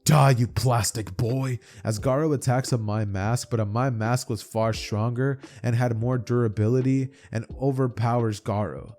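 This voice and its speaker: A man's voice: medium pitch, steady tone, moderate pace, hardly any pauses, warm tone. A man narrating a fan-made anime story in plain, run-on storytelling. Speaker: YouTube storyteller.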